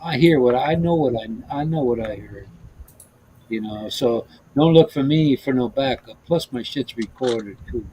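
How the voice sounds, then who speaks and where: A man's voice: mid-range voice, a little slow, warm tone, a little hiss or hum, poor audio. A man hosting a casual podcast, telling profane, laughing stories about driving a bus, with lots of restarts. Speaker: podcast host, former bus driver. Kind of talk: casual chat, storytelling.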